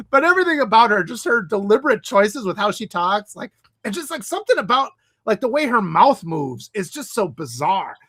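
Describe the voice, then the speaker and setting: Woman co-host, high and bright, animated rambling chat. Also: fairly quick, husky. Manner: animated, rambling, laughs often. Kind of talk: casual chat.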